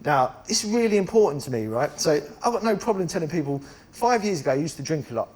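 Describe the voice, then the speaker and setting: A middle-aged man giving an energetic, blunt talk to members of his network, swearing casually and making chatty asides. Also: fairly high pitch, fast talker. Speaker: estate agency network founder speaking to members. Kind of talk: conference talk.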